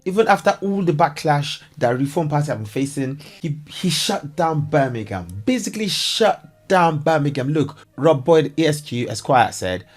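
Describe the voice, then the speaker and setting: A man giving casual, joking commentary to his viewers, excitable and chatty, calling them guys. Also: medium pitch. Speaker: commentary vlogger.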